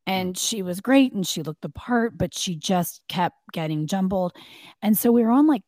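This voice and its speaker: A woman co-hosts a podcast, telling stories in a casual, animated chat and acting out what people said. Her voice is mid-range at a normal pace, recorded dry with clean studio sound.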